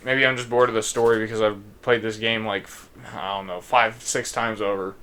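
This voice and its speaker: A young man giving casual, rambling let's play commentary, thinking out loud. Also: on the low side, flat delivery, fairly quick. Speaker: gaming YouTuber.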